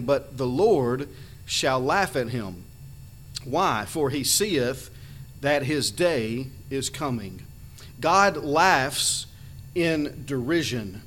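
A man preaching a sermon, earnest and emphatic, reading Bible verses aloud and slowing down on his key phrases. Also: a little high, fairly bright tone, a little hiss or hum. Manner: reads Bible verses in old-fashioned wording. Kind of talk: sermon on scripture.

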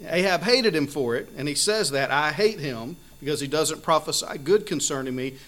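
A man's voice: a little high, animated, normal speed, fairly bright tone. A man preaching a sermon in an earnest, conversational way, reading scripture aloud and explaining it with frequent fillers.

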